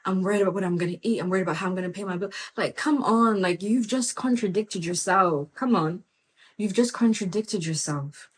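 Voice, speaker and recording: A woman hosting a podcast, telling stories in a lively, conversational way and often dropping "like" and "you know" as she talks about faith. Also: mid-range voice, a little fast. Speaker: podcast host and faith mentor. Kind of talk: casual faith talk with storytelling.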